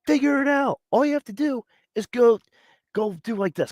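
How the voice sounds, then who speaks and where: A man's voice: extremely high pitch, moderate pace, dry recording. A man hosting a live sports stream, ranting and mocking rival teams while sick with a cough. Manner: animated, mocking, mimics players. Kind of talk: casual live-stream rant.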